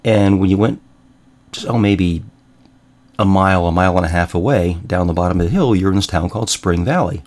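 A man's voice: sits low, brisk, darkish tone. A man hosting his own show, telling wry family stories in a casual monologue and chuckling now and then. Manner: wry, chuckling, self-deprecating. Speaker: host.

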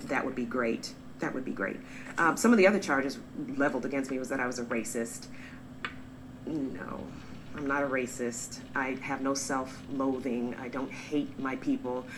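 Low-voiced woman answering critics on camera. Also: slight background noise, low-quality recording. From born in England, raised in the US. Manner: earnest, defensive, animated emphasis. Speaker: vlogger, pediatrician. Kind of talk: direct-to-camera response video.

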